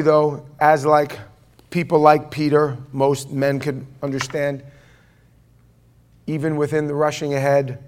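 A man preaching a casual sermon. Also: a little high. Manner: conversational, asks the congregation questions. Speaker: pastor. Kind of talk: sermon with opening prayer. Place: church.

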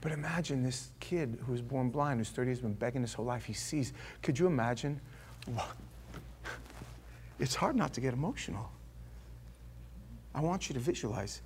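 An older male pastor preaching a sermon, telling stories with rhetorical questions and swinging from loud bursts to hushed, quiet passages. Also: mid-range voice, moderate pace, pauses often, slight background noise.

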